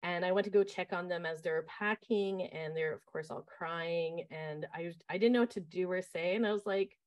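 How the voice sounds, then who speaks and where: Casting note: camp director, woman, fairly low voice, chatty and animated, telling camp stories with lots of ums. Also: normal speed, hardly any pauses. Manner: lively, acts out quoted voices, many fillers. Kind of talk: casual interview storytelling.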